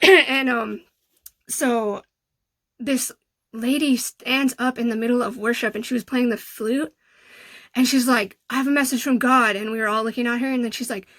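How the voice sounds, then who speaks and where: Give me a woman vlogger rambling through a story, slightly high voice, dry close sound. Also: fairly even intonation, normal speed, a bit bright, no echo. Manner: chatty, lots of "like" and "you know". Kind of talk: casual storytelling.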